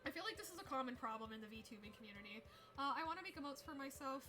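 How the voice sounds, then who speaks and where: A young woman streaming live as a VTuber artist, chatting casually and gushing excitedly, laughing often and swearing now and then. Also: high-pitched, very fast. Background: faint music.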